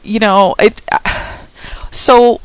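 A woman's voice: mid-range voice, steady tone, slow pace, clear, resonant tone, dry recording, rough recording. Attentive woman radio host, dry sound. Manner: attentive, brief prompts and follow-up questions. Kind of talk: radio call-in interview.

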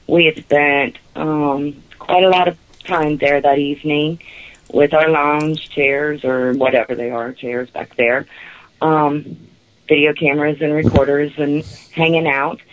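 A woman's voice: deep voice, steady tone, measured pace, no room sound, poor audio. A woman caller telling a personal story in a rambling way, with nervous laughs.

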